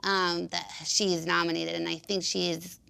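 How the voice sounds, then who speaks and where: A woman's voice: fairly low pitch, flat delivery, moderate pace, gravelly, sharp tone, clear, resonant tone. A young woman guest with an unusual speaking voice, chatting casually in an interview and restarting her sentences with fillers. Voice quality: unique speaking voice.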